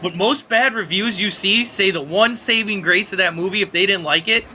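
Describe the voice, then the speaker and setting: A man's voice: high-pitched, normal speed, sharp tone, a little hiss or hum. A man as a podcast guest in casual chat, eagerly explaining facts.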